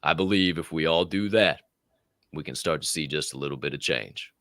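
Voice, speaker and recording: A man's voice: rumbling low, moderate pace, a bit bright, no echo. A man co-hosting a podcast, giving an emphatic, profane motivational speech with punchy repetition. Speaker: podcast co-host. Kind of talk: motivational talk. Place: podcast studio.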